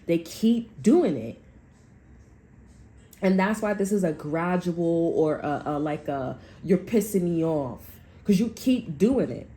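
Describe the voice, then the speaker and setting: Taking it slowly, a woman with a low, mellow, animated voice delivers a casual tarot reading. She rambles, says "like" a lot, and is blunt and heated, swearing often.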